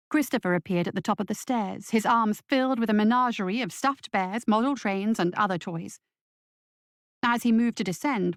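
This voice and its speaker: A woman narrating a scripted story in a measured, clear way. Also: medium pitch, no room sound, clean studio sound. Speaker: audiobook narrator.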